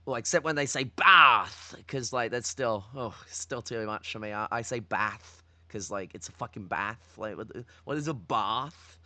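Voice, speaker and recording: Swearing northern man with a bright voice. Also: mid-range voice, normal speed, hardly any pauses, no room sound. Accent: Northern English. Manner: profane, rambling, teasing. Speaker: livestream host. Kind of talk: political commentary livestream.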